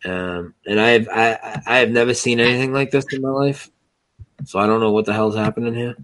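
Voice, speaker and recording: A man's voice: medium pitch, steady tone, fairly quick, a bit bright. A man co-hosting a casual online show, rambling with restarts, swearing freely in disbelief. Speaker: co-host.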